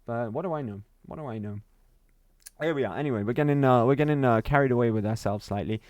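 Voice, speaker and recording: A man's voice: mid-range voice, quick pace, darkish tone, no echo, studio quality. A man streaming a game and chatting casually to his viewers, rambling and repeating himself with frequent chuckles. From Wales. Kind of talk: casual livestream chat to viewers.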